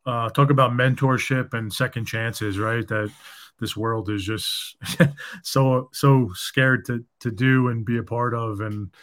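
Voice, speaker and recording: A man's voice: medium pitch, steady tone, measured pace, fairly bright tone. A man hosting a podcast interview, reacting to his guest with affirming, enthusiastic remarks. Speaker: podcast host. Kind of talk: casual interview chat.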